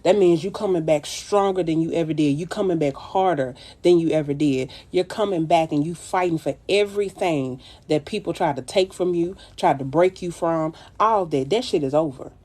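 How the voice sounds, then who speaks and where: A woman's voice: low voice, normal speed, hardly any pauses, a little mellow. A woman streaming live and giving her followers a blunt, profane, preachy pep talk. She calls her listeners baby and child. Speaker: makeup artist livestreaming.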